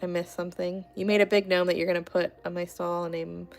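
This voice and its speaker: A young woman chats on a livestream in a rambling, easygoing way, leaning on filler words as she tells stories. Her voice sits a bit low and carries a gravelly, fried edge. Faint music plays behind her. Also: level tone, fast. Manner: rambling, chatty storytelling with many "like" fillers. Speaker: craft artist hosting a livestream. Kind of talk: casual livestream chat, reading comments.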